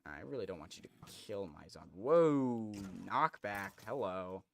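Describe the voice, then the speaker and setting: A man's voice: on the low side, very animated, a little slow, creaky. A young man chatting casually as he plays a game, rambling with many restarts. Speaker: gaming streamer. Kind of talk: casual gameplay commentary.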